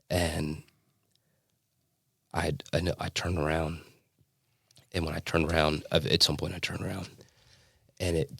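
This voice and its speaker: A man giving a personal testimony as a podcast guest, telling his story earnestly with halting restarts and fillers. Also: rumbling low, creaky, fairly bright tone, husky, no echo, clean studio sound. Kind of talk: personal testimony in a casual interview.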